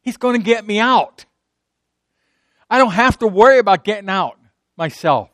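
Male pastor, high-pitched, playful preacher who asks the audience questions. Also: lively intonation, normal speed, a bit bright, no room sound, clean studio sound. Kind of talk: sermon.

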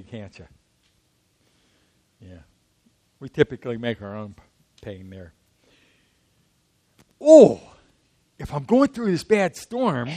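A man's voice: on the high side, dry recording. A man preaching a sermon in a conversational way, often asking the congregation questions.

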